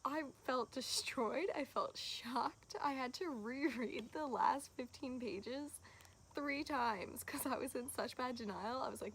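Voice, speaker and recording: A woman reviewing a book to camera in a chatty, gushing way, full of "like"s and quick laughs. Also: high voice, a bit bright, slight background noise. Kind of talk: casual chat to camera.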